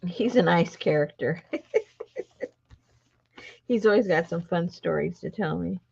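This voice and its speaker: Brief: chatty woman host with a blocked nose and a gravelly edge, laughing between chatter. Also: fairly low pitch, unhurried, a little mellow, lo-fi sound. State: stuffed-up nose. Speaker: craft live-stream host. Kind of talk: casual chat greeting viewers.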